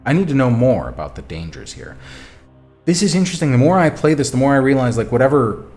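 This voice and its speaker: A man streaming a text adventure, reading the story aloud and talking back to his chat, animated and quick to swear. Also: medium pitch, soft background music. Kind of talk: reading a game aloud and chatting with viewers.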